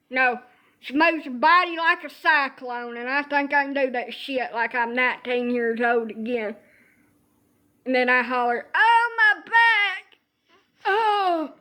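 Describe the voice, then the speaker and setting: A woman in her late thirties with a high voice talks straight into the camera, grumbling and cursing her way through a comic rant. Her complaints come out loose, loud and exaggerated, in a casual storytelling flow. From Alabama. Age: 30s. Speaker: social media streamer.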